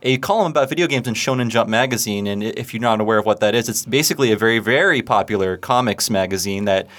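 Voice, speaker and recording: A man's voice: on the low side, fast, fairly bright tone. A man hosting a podcast in casual chat, talking easily with many fillers and frequent laughs. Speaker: podcast host.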